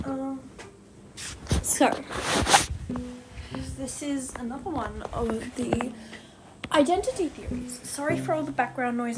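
A woman's voice: sits high, low-quality recording. A young woman hosting a casual fan-theory podcast, rambling and correcting herself, recorded at home by a window. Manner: rambling, self-correcting, giggly. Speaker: podcast host.

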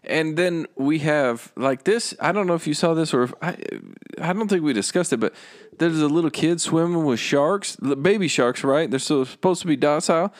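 A man's voice: a little high, normal speed. A man co-hosting a casual podcast, chatty and earnest, laughing along. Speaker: podcast co-host. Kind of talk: casual chat.

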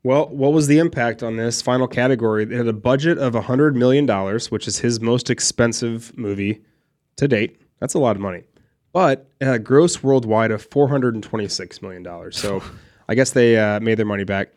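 A man's voice: medium pitch, brisk, darkish tone. A man co-hosting a casual film podcast, laid-back, swearing freely and laughing often. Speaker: podcast co-host.

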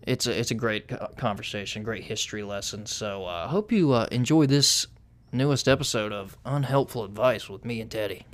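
A man's voice: fairly low pitch, brisk. A man with a Southern American accent hosting a podcast, talking loosely with lots of fillers. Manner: rambling with many fillers. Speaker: podcast host. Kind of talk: casual podcast chat.

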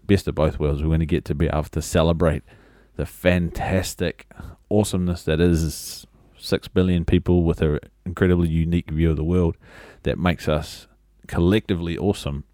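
A man hosting a podcast, talking earnestly and a little haltingly, with many fillers and restarts. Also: a bass voice, darkish tone, dry recording, studio quality. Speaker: podcast host. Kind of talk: reflective podcast monologue.

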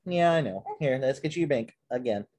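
A man hosting a podcast, casually telling stories about his work at a movie theater in an animated way, often laughing as he goes. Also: medium pitch, brisk. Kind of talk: casual storytelling chat.

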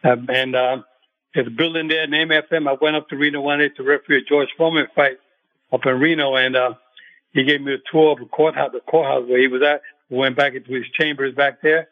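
A man's voice: medium pitch, fairly even intonation. Older man on a tinny phone line. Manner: halting, many fillers and restarts. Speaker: retired boxing referee, guest. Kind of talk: phone-in radio interview.

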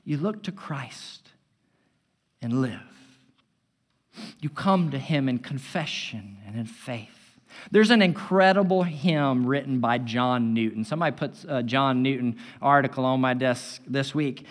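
A man preaching a sermon as pastor, building loud and emphatic and then dropping to a hushed tone. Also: mid-range voice, lively intonation, measured pace. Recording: long hall reverb.

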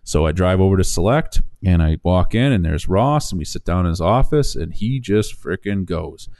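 A man casually telling the story of buying a business, animated, acting out quoted dialogue with restarts. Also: deep voice, moderate pace, dry recording. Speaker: small business owner telling his story.

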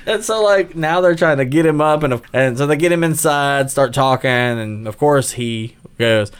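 A man co-hosting a casual movie-discussion podcast, retelling scenes with animated flair and acting out the characters. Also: mid-range voice, normal speed, hardly any pauses, smooth.

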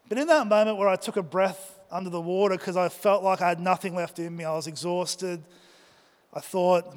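A man telling a personal story to a live audience, animated and acting out his own thoughts. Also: sits high. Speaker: speaker addressing a live audience. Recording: reverberant hall.

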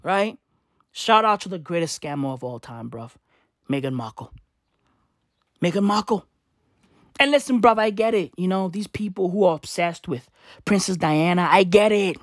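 A woman's voice: on the low side, lively intonation, normal speed, no room sound. Woman ranting on a comedy bit, cussing a lot, dry close sound. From South Africa. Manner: swearing, ranting, keeps tossing in "right?" and "bruv". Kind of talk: profane comedic rant.

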